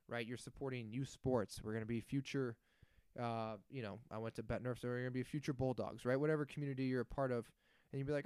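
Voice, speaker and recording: A man's voice: mid-range voice, steady tone, quick pace, a little mellow, clean tone, no room sound, clean studio sound. A man in his thirties hosting a solo podcast, ranting in a sarcastic, crude, casual way. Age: 30s. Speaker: podcast host.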